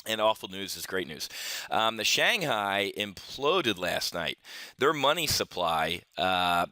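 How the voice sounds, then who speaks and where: Male investment commentator, sarcastic, rambling delivery, lower pitch, forceful tone. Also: big pitch swings, slow. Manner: sarcastic, rambling, many fillers and restarts, addresses viewers as folks. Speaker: investment strategist and market commentator. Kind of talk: off-the-cuff market commentary.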